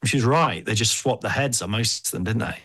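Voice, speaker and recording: A man hosting a podcast, chatting casually in an animated, rambling, jokey way. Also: on the low side, fast, breathy edge. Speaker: podcast host.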